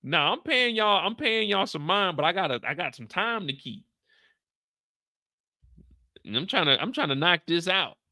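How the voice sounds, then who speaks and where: Host type: American man, casual show recap to live chat, playful and slangy, fairly high voice. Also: normal speed, pauses often, no room sound, studio quality. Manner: animated, slangy, playful, reads out chat questions.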